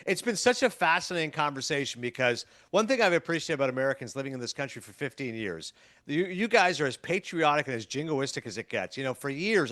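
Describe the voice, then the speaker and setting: A man's voice: on the high side, fairly bright tone, no echo, studio quality. A man from Canada, a sports broadcaster guest, telling stories and giving emphatic opinions in casual podcast chat.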